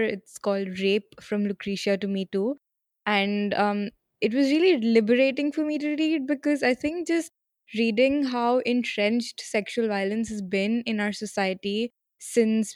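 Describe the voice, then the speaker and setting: A woman's voice: on the high side, a little mellow, dry recording. Chatty woman podcast host, dry sound. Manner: chatty, hesitant, many fillers. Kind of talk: podcast interview.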